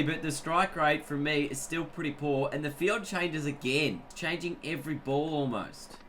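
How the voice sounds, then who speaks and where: A man's voice: mid-range voice, sharp tone, a little hiss or hum. A young man giving chatty, self-mocking commentary on his own gameplay. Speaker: gaming YouTuber.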